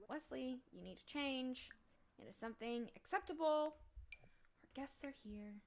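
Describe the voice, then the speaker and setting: A woman's voice: high voice, a little slow, vocal fry, a little hiss or hum. A woman voicing a controlling middle-aged mother who scolds and demands in a game story. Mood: bossy.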